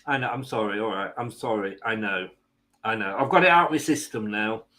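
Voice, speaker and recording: A man's voice: on the low side, fairly quick, sharp tone. A man hosting a football watchalong stream, mixing live match commentary with rambling, self-mocking jokes.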